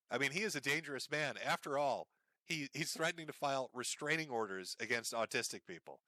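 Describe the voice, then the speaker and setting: A man's voice: medium pitch, brisk, pushed and bright, no room sound, clean studio sound. A man hosting a commentary show, talking sarcastically over clips, often laughing and swearing. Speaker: commentary host.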